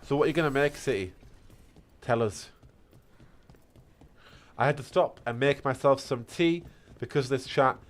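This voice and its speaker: A man's voice: mid-range voice, normal speed, pauses often. A British man streaming a game, chatting playfully and answering his chat as he goes. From Britain. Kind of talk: casual chat while gaming.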